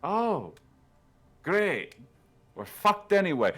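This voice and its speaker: A man's voice: high voice, sing-song, slow, a bit bright. A man playing in a tabletop game, chatting casually, joking and swearing. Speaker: player.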